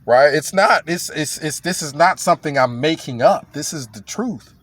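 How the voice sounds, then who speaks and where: A man's voice: fairly high pitch, moderate pace, a bit bright. A man talking in a blunt, mocking, emphatic way as a commentator, in a casual rant.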